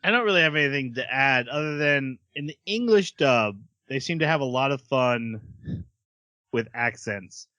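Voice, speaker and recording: A man's voice: medium pitch, expressive, moderate pace, bright, forceful tone, no echo. A man co-hosting a podcast, recapping the plot in a casual chat and laughing as he goes. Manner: giggly, recapping. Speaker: podcast co-host.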